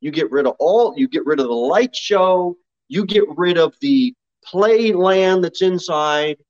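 A man preaching a sermon as pastor, telling a story and pressing his point with sudden jumps in pitch. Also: measured pace, dull audio. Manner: animated, preaching with sharp rises in pitch. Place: church sanctuary.

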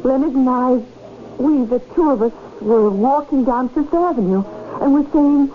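An actress in a 1970s radio drama playing a worried wife who talks hesitantly, stammering and restarting. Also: female voice, sits high, normal speed, lightly acted. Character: anxious wife of a changed man, chatty. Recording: tinny old radio broadcast, faint hiss.

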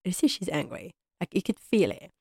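A woman's voice: on the low side, very animated, fairly quick, a little mellow, breathy edge, dry recording, studio quality. A young woman giving a casual, enthusiastic episode recap as a fan reviewer, laughing often and using lots of fillers.

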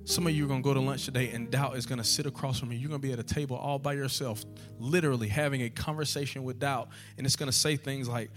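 Man, preacher, sermon, repeated rhetorical questions, loud emphatic calls, faint music behind. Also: mid-range voice, fairly even intonation, fast talker. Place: church sanctuary.

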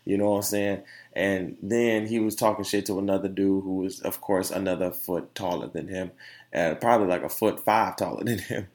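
A young man hosting a podcast, telling a story in a casual, animated opinion monologue full of slang and laughter. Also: deep voice, normal speed. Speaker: podcast host.

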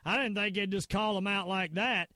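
A man with a Southern US drawl holds forth as a podcast host, his voice pitched notably high. He rambles emphatically, stacking fillers and restarts. The sound is close and dry, with no room around it. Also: normal speed, bright, forceful tone, dry recording. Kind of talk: casual conspiracy-minded rant.

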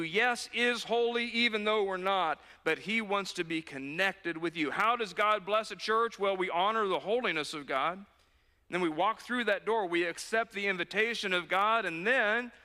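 A man's voice: high-pitched, pushed and bright. A man preaching a sermon as a pastor, earnest and urging, repeating phrases for emphasis. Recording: long hall reverb.

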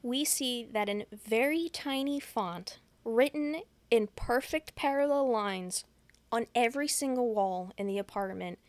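Woman podcast host, higher voice, dry close mic; casual profane recap, deadpan. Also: unhurried, dry recording. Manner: profane, deadpan plot retelling. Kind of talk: casual movie recap chat.

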